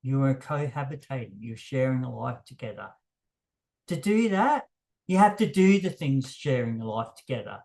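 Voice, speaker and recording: Man, blunt unscripted monologue, emphatic, voice spikes high when riled, self-deprecating. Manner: emphatic, voice jumps higher when worked up. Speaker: vlogger.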